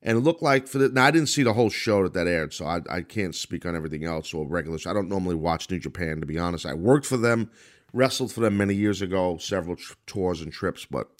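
A middle-aged man with a New York accent, a former wrestling announcer, hosts a wrestling podcast in a casual commentary monologue. He's blunt and rambling, correcting himself and restarting constantly, in a deep voice at a quick pace.

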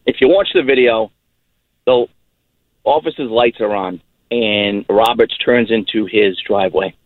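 A man's voice: lowish voice, unhurried, no room sound. A man calling into a radio show, insistent and repeating himself to hold his point. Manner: insistent, repeats "okay" and "listen". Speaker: caller. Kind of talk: radio call-in debate. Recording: tinny phone line.

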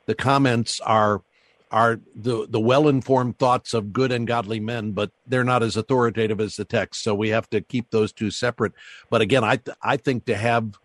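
A man hosting a call-in radio show, talking callers through ideas and slowing down to stress words as he teaches. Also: mid-range voice, steady tone, no echo. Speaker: radio host.

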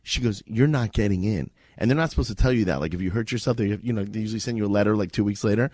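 Speaking rapid-fire in a lowish voice, a Miami man tells a lively story as a radio interview guest, performing each quoted voice. It was captured in an office with a gathering going on, yet the recording is dry and of studio quality.

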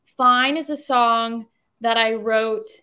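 A woman's voice: on the high side, fairly even intonation, pushed and bright, a little hiss or hum. Bubbly woman songwriter chatting. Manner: bubbly, quick, laughs often. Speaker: songwriter, interview guest. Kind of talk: casual interview chat.

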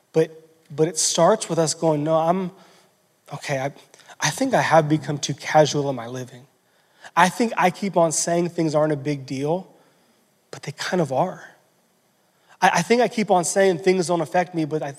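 A man's voice: sits high, long reverb tail. A man in his thirties preaching a sermon as a pastor, earnest, repeating words and dropping to a near whisper in prayer.

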